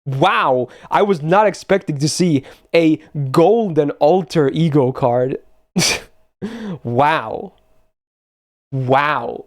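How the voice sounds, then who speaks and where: A man's voice: fairly high pitch, slow pace. A young man chatting casually on a live stream, blunt and swearing often as he talks to his chat.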